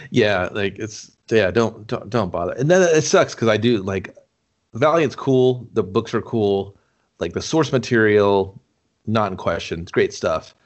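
A man's voice: lowish voice, expressive, measured pace, lo-fi sound. A man co-hosting a casual movie talk, laid-back and profane, laughing often. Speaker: podcast co-host. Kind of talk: casual chat.

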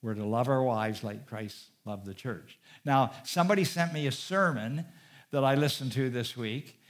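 A middle-aged man, a pastor, preaching a sermon and drawing out the key words for emphasis. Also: mid-range voice. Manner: stresses key words with slowed, drawn-out delivery.

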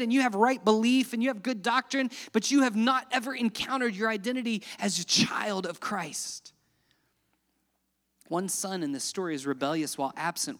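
A man preaching a sermon, swinging dramatically between loud emphatic lines and hushed, quiet ones. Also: on the high side, big-room sound. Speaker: pastor.

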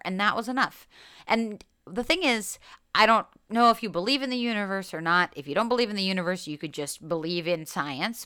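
Frank bright-voiced woman podcast host. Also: medium pitch, clear, resonant tone. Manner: candid, animated, swears casually. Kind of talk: solo podcast monologue.

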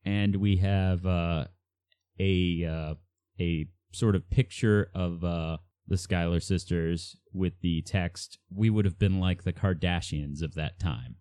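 Very deep-voiced male podcast host. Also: steady tone, slow, warm tone, smooth, no echo, studio quality. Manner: hesitant, many uhs, reads out quiz items. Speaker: podcast co-host running a quiz. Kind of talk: casual chat.

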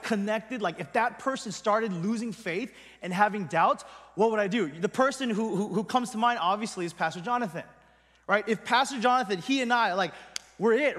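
A male pastor preaching a sermon in a conversational, emphatic way, often dropping his voice quietly at the end of a thought. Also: high-pitched, big-room sound. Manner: conversational, emphatic, trails off quietly at line ends.

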